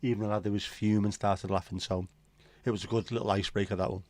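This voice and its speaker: Low-voiced man rambling on a livestream. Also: flat delivery, fast, a little mellow, dry recording. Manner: rambling, jokey, swears casually. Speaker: livestream host. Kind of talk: casual chat reading viewer comments.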